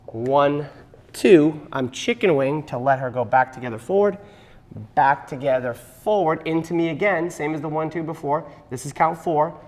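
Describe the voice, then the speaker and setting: A man teaching a partner dance class, explaining moves and counting the beats aloud. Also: a little high. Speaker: dance instructor. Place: dance studio. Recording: long hall reverb.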